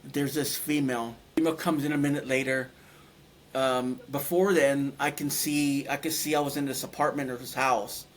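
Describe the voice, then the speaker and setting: A man recounting a personal experience as a guest, speaking in halting phrases and searching for words. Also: mid-range voice, little pitch movement. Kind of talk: personal storytelling.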